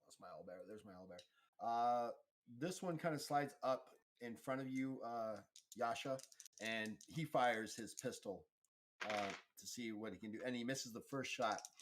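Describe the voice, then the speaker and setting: A man running a tabletop role-playing game as game master, explaining rolls and narrating the action in a relaxed, halting way. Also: mid-range voice. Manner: relaxed, halting, with frequent fillers and restarts.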